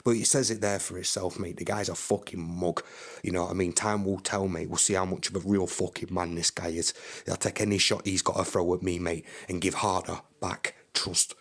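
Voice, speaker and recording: A man's voice: deep voice, steady tone, brisk. Swearing, fired-up young man. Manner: swearing, aggressive trash talk. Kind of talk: fight promo vlog rant.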